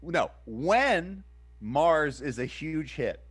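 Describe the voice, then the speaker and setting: A man in his forties co-hosting a casual livestream chat, halting with frequent restarts. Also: a little high, sing-song, breathy edge. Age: 40s. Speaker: streamer co-host.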